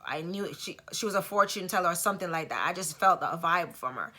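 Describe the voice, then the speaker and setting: A woman telling a personal story in a casual, emphatic way, often pausing for rhetorical asides. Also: fairly low pitch, lively intonation, sharp tone. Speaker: vlogger.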